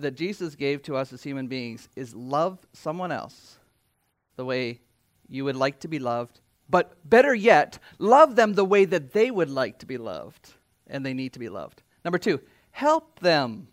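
A man preaching a sermon to his congregation in earnest, dropping to quiet asides and lifting his voice for exhortations. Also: fairly high pitch, sing-song, unhurried. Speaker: pastor. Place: church.

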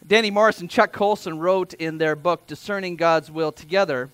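A man preaching a sermon as pastor, speaking in a conversational way with asides and quick self-corrections. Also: fairly high pitch, fairly bright tone, clear, resonant tone, no room sound.

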